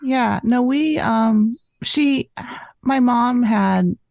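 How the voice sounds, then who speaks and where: A woman in her fifties, a cookbook author telling animated food stories in a casual interview, full of "like" and "you know". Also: fairly high pitch, extremely slow, creaky, no room sound.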